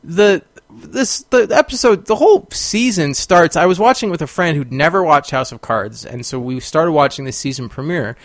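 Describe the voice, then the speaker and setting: Gravelly-voiced man rambling animatedly. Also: on the high side, no echo. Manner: animated, exclamatory, rambling with fillers. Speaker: podcast host. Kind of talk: casual storytelling monologue.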